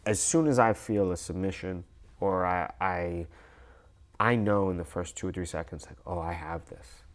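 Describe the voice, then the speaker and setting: A man from Massachusetts, an MMA fighter and coach, telling stories as a podcast guest in a loose, animated way, swearing freely. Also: low voice, moderate pace. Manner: animated, loose storyteller who acts out quotes and swears freely. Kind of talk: casual storytelling interview.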